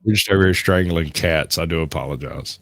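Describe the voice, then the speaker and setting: A man's voice: very deep voice, a little fast, a bit bright. A man joking wryly as co-host in casual live-stream banter. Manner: joking, wry.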